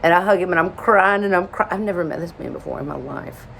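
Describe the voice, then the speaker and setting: A woman from Alabama tells a personal story to camera in an emotional, rambling way, full of "like" fillers. Her voice sits low for a woman. A faint hum runs behind her. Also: fast talker, creaky, a bit bright. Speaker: vlogger telling a personal story.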